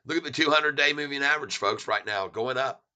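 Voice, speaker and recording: A middle-aged man excitedly offers folksy commentary on a stock chart, repeating himself for emphasis and addressing viewers as folks. His mid-range voice is smooth and fast.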